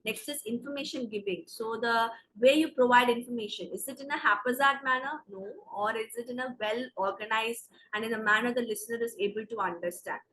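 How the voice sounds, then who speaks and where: A woman's voice: on the high side, a little fast, few pauses, a bit bright, slight background noise, rough recording. A woman with an Indian English accent teaching an exam preparation class, explaining step by step and checking in with "okay". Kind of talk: classroom lecture.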